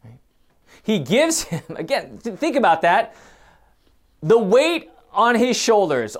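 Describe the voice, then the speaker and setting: A man preaching a sermon, swinging between loud, emphatic passages and quiet, hesitant musing with many fillers. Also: high voice, clean tone.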